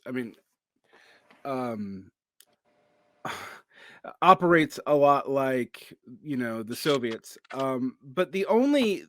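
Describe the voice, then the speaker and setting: A man's voice: mid-range voice, fairly bright tone, no echo. Hesitant male host asking questions. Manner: hesitant, searching for words, laughing asides. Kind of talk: casual interview questions.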